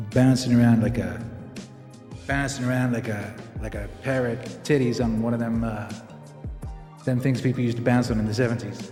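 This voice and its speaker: A man with an ordinary, mid-pitched voice chats loosely through a livestream, rambling, joking and reading out viewer comments. He talks into a stand microphone in a home studio, with music playing behind him. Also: a little mellow, roomy sound, big-room sound. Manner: loose, rambling and jokey, with playful asides. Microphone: microphone on a stand in front of him.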